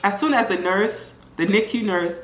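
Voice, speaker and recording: A young woman tells her own story in a loose, chatty vlog style. She is animated and often slips into other people's voices as she tells it. Her voice rings in an echoey room, with a faint hum of ambient noise behind her. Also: medium pitch, normal speed.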